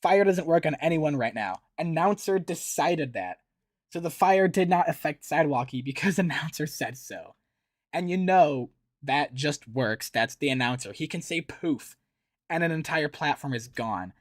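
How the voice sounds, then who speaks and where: A man hosting a casual reaction video, chatty and excitable, laughing easily as he comments. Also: on the high side, normal speed, dry recording, clean studio sound.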